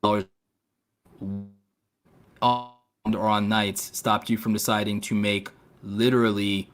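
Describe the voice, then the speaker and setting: A man's voice: on the low side, level tone, slow, faint music behind. Rambling sarcastic podcast host man. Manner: rambling, sarcastic, filler-heavy. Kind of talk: casual podcast chat.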